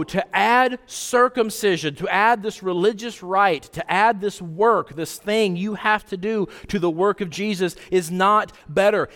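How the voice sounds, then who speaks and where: Animated preaching man in a reverberant hall. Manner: animated, conversational preaching with sudden pitch jumps. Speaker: pastor. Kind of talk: sermon.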